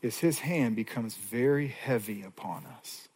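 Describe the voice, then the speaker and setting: A male pastor delivering a sermon, moving between hushed pleading and raised, emphatic preaching. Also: medium pitch, a little slow, slightly rough. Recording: long hall reverb.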